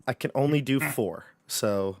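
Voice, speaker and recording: A man's voice: medium pitch, lively intonation, measured pace, creaky, no echo, studio quality. A man running a livestreamed tabletop horror game, joking and chatty with his players. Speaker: game master.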